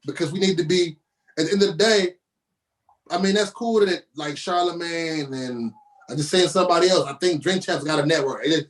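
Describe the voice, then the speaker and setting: A man speaking as a podcast guest, his voice sitting high for a man. He talks in loose, profane slang and hammers his points by saying them again and again. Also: a little fast. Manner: emphatic, repeats phrases, slangy and profane. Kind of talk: casual chat.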